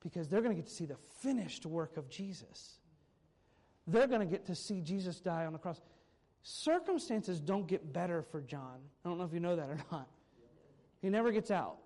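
High-voiced animated male preacher. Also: moderate pace. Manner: animated, swings between loud emphasis and quiet asides, repeats words when excited. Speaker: pastor. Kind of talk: sermon.

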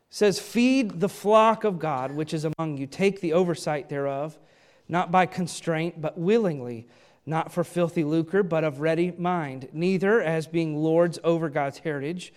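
A man's voice: a little high, smooth. A man preaching a sermon as a pastor, reading scripture aloud and asking and answering his own questions with emphasis.

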